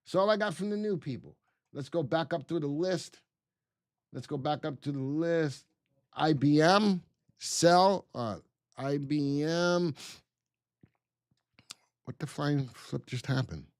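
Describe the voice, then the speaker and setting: A man hosting a live stock market stream, bantering with chat and spelling out ticker symbols in an excitable, teasing way. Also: a little high, a little slow, smooth, dry recording, clean studio sound.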